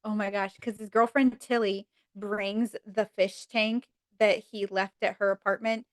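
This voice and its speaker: A woman guest on a podcast, chatting casually and retelling sitcom episodes in an animated way, acting out the characters' lines. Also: mid-range voice, unhurried, no echo, studio quality. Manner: animated storyteller who acts out characters' lines.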